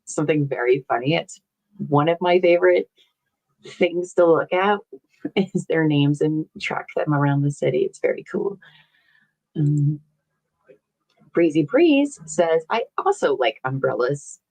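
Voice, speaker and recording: On a low-quality recording, a livestream host speaks in a low-pitched, darkish, animated voice, unhurried and pausing often. She's chatty and rambling as she reads out viewer comments, laughing frequently and casually swearing.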